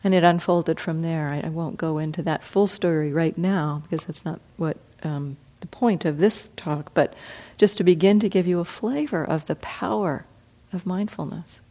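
A woman meditation teacher giving a reflective dharma talk, gently acting out her own inner thoughts as she speaks. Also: low-pitched, moderate pace.

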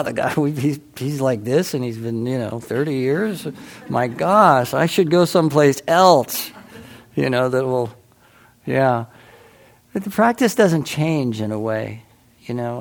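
A man's voice: medium pitch, gravelly, darkish tone. A middle-aged man giving a casual, rambling personal talk at a meditation center, full of restarts and "you know.".

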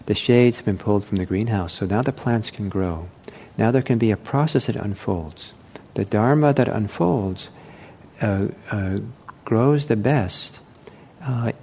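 Soft-spoken man giving a dharma talk. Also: lowish voice, a little hiss or hum. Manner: gentle, unhurried, with frequent fillers and restarts. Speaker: meditation teacher.

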